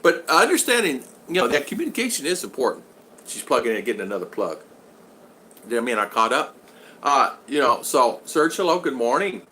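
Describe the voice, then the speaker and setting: A man's voice: mid-range voice, big pitch swings, fairly quick, bright, forceful tone, a little hiss or hum. An older man hosting a casual live-stream vlog, rambling along and reading out viewer comments. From United States. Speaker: vlog host.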